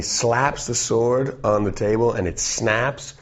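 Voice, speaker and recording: A man's voice: lowish voice, slow pace, hardly any pauses. A man in his forties, a musician, giving goofy, wandering, self-interrupting interview answers. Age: 40s. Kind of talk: rambling, joking interview answers. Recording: dull, lo-fi recording.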